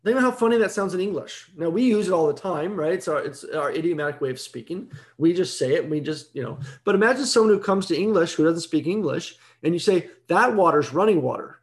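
A man's voice: fairly high pitch, fast, few pauses. A man giving an evening Bible teaching in a conversational way, explaining step by step and often checking in with "right?".

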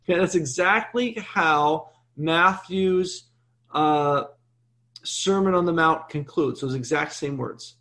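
Gravelly-voiced priest preaching casually. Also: male voice, on the high side, slow, a bit bright. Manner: conversational, frequent "okay?" check-ins. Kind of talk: sermon, Bible teaching.

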